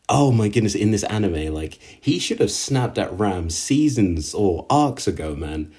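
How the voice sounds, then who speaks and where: Low, mellow-voiced man ranting. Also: animated, unhurried, husky. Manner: exasperated, slangy, many fillers. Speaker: anime reviewer. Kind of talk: casual episode recap and rant.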